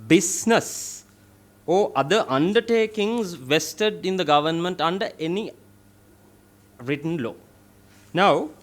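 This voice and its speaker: A middle-aged man with a Sri Lankan English accent, testifying as a legal officer before a parliamentary committee, reading constitutional clauses in a deliberate, formal way. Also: fairly high pitch. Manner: deliberate, formal, reads clauses aloud with stressed words.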